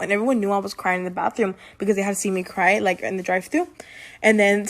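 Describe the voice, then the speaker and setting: A woman's voice: medium pitch, steady tone, fast. Young woman vlogging, rambles a lot, says like constantly, just chatting. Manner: rambling, heavy use of "like". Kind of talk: casual storytelling vlog.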